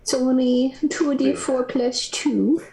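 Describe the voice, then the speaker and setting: A woman taking her turn in a casual tabletop game session, calling out rolls and damage. Her voice sits somewhat high and she talks at an unhurried pace. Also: gravelly. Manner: relaxed, counting rolls aloud. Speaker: player.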